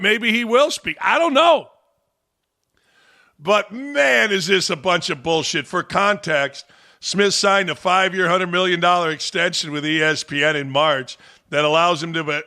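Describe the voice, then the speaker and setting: A man with a high, gravelly voice rants, his tone bright and sharp. He is a sports talk host who turns heated and profane and mocks with blunt repetition. The sound is gruff and pointed all the way through. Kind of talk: ranting commentary.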